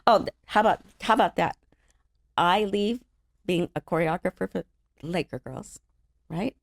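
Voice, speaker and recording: Gravelly-voiced woman telling animated stories. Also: fairly low pitch, normal speed, no room sound, studio quality. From Los Angeles area. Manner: animated, laughing, acts out other people's voices. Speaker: interview guest. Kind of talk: casual storytelling chat.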